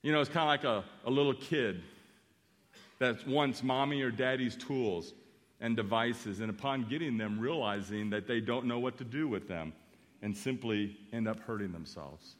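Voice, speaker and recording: A man's voice: mid-range voice, moderate pace. Pastor guy preaching, emphatic, lots of repeats, long echo like a big church hall. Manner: animated, emphatic, repeats phrases for effect. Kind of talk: sermon. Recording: long reverb of a large hall.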